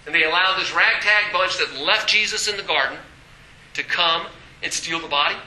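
A man preaching a sermon as pastor, animated, breaking into shouts and acted quotes. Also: high-pitched, moderate pace, echoey room, a little hiss or hum, poor audio.

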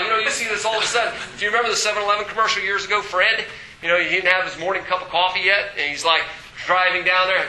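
A man preaching a sermon as pastor, animated, breaking into shouts and acted quotes. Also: sits high, quick pace, reverberant, slight background noise, poor audio.

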